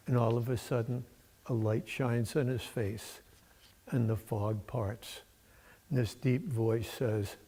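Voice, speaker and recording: Slow-talking older preacher in a reverberant church. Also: male voice, mid-range voice, fairly even intonation, darkish tone. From Massachusetts. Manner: folksy, unhurried storytelling with fillers. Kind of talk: sermon with storytelling.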